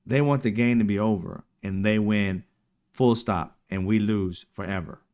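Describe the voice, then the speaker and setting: A man's voice: on the low side, moderate pace, darkish tone, clean tone. A man hosting a casual political livestream, talking emphatically and mocking his opponents in put-on quotes. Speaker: political commentary show host.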